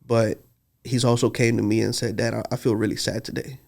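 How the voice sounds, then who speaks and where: A man's voice: mid-range voice, little pitch movement, brisk, creaky, a little mellow. A man, telling heartfelt stories in a casual podcast conversation. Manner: earnest, heartfelt storytelling. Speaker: podcast co-host.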